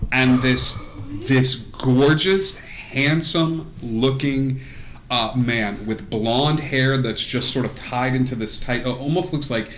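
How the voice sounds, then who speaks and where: Man, game master, bright tense voice, rambling narration, filler-heavy, animated storytelling. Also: mid-range voice, slow pace, a little hiss or hum, poor audio.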